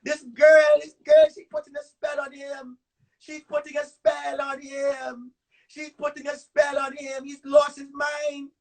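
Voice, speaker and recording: Man doing his frantic shouting mother. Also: very high-pitched, steady tone, unhurried, creaky, pitched above the performer's own voice, exaggerated voice. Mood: panicked. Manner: shouting, panicked, praying aloud. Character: frantic, religious middle-aged mother.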